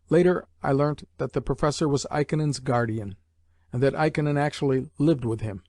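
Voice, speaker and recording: A man narrating a classic novel as an audiobook reader, in a measured storytelling manner. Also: medium pitch, a little mellow, no room sound. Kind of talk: scripted narration.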